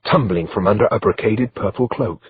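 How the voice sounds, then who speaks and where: A man narrating an audiobook in first person with a measured, steady delivery, in a slightly dull lo-fi recording. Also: fairly low pitch, breathy edge.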